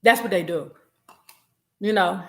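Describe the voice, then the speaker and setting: A woman's voice: medium pitch, unhurried, fairly bright tone. A woman vlogger, chatting animatedly and profanely while gossiping and reading comments on a livestream.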